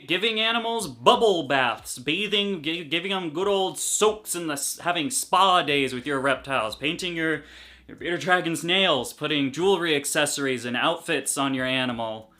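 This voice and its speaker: A man's voice: fairly high pitch, normal speed, sharp tone. Profane exasperated young man ranting. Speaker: reptile YouTuber. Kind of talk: comedic rant vlog.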